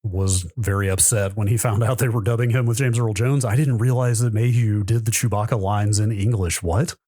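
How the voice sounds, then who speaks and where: A man's voice: lowish voice, fairly even intonation, fairly quick, mellow, dry recording. A man co-hosting a casual tech podcast with wry, dry humor. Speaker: podcast co-host.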